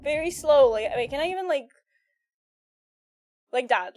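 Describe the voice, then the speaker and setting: Giggly high-voiced woman streamer. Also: animated, a little slow, long pauses. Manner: giggly, rambling storyteller with many fillers. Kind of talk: casual live-stream chat.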